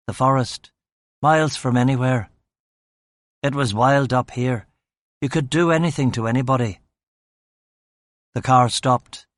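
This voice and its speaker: A man's voice: medium pitch, dry recording. A male audiobook narrator reading first-person crime fiction in a terse, clipped style. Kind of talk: scripted narration.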